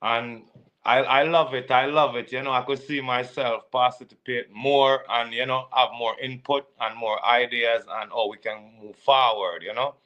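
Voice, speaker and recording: A man calling in to a live show, talking in a relaxed way and often adding "you know". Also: medium pitch, moderate pace, muffled recording. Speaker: caller. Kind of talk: casual call-in chat.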